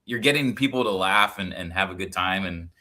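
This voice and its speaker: A man with a low voice and a bright, forceful edge, talking on a casual livestream. He is relaxed, laughs often and fills his talk with ums and likes. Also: a little fast. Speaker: co-host.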